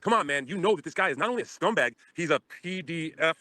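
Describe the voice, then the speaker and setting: A man's voice: fairly high pitch, animated, fast talker, very noisy. A man in a heated podcast argument, lecturing aggressively and swearing. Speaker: guest.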